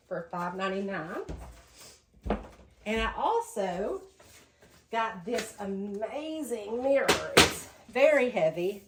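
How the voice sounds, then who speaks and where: A woman vlogging a casual thrift haul, chatty and tired, low on energy after being sick, with lots of "um"s. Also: background noise. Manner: chatty, says "y'all", many "um"s.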